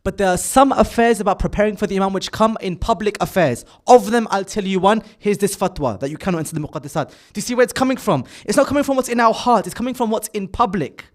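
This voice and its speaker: High-voiced man giving an emphatic religious lecture. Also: fast, hardly any pauses. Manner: emphatic, rising to stress points and dropping low for asides. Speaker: speaker at an Islamic centre.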